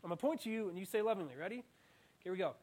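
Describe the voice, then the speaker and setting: High-voiced animated young male preacher. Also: very fast. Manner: animated, playful, self-mocking asides. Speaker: student preacher. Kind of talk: interactive sermon.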